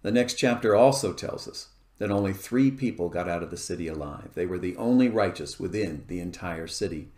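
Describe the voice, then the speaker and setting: A man with a somewhat low voice preaches a sermon, working through a scripture passage verse by verse in a steady, measured way. His voice rings with the echo of a reverberant room. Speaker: pastor. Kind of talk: expository sermon. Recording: echoey room.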